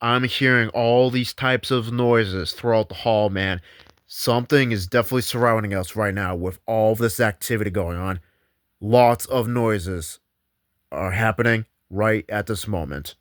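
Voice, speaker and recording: A man's voice: fairly low pitch, unhurried, no room sound. A man narrating a paranormal investigation in a casual, rambling way, correcting himself as he goes. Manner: rambling, loose, self-correcting.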